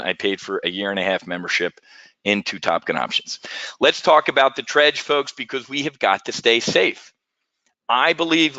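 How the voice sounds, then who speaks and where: A man hosts a live trading webinar in a folksy, joking patter. His voice is bright and forceful. The sound is dry and a bit dull and lo-fi. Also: on the low side, dry recording. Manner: folksy, animated, jokey salesman patter.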